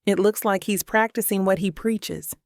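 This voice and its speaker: A woman narrating a first-person romance audiobook in an even, steady reading voice. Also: mid-range voice, normal speed, vocal fry, no echo, clean studio sound.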